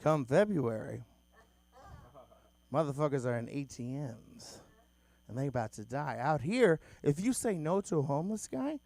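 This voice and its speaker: A man's voice: a little high, expressive, moderate pace, vocal fry, darkish tone. Crude young man from Boston doing stand-up. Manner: crude, loose and self-mocking. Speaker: stand-up comedian. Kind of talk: stand-up comedy set. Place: comedy club stage.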